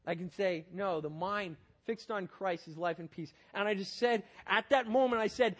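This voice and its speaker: High-voiced earnest male preacher. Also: moderate pace, few pauses. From Northern Virginia, USA. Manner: earnest, swings from loud urgency to quiet prayer. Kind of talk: sermon.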